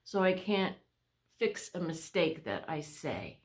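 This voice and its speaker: Woman vlogger, low and unhurried, breathless, halting delivery, phone mic. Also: big pitch swings. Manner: halting, with pauses and restarts. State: short of breath. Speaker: vlogger sharing a health update. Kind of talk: casual talk to camera. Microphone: phone camera.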